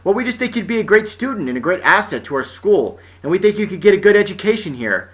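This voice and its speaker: A man's voice: sits high, big pitch swings, fast, fairly bright tone, pitched above the performer's own voice. A man voicing an overly sweet woman school recruiter on a phone call, salesy and sugary.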